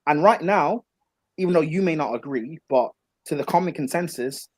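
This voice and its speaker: A man's voice: a little high, expressive, normal speed. A man in a casual football debate, insistently explaining his point. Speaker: football podcast co-host.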